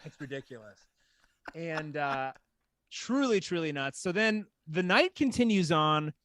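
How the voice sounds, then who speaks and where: A man from small-town Texas telling a casual story as a podcast guest, animated and full of "like". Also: fairly high pitch, a little slow, a little hiss or hum. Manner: animated, heavy use of "like".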